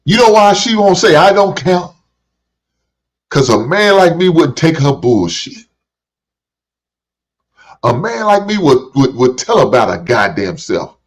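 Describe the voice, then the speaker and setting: A man's voice: a little high, very animated, measured pace. A man hosting a show, ranting profanely and preaching at the camera, sometimes taunting in a sing-song voice. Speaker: show host reacting to clips. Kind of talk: casual commentary. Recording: dull lo-fi sound.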